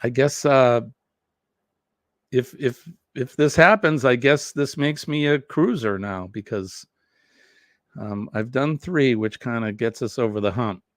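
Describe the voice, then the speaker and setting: A man's voice: mid-range voice, lively intonation, a little slow, dry recording, studio quality. A man, chatting casually with viewers as host of a morning live stream, rambling and reading comments aloud. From New England. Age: 50s.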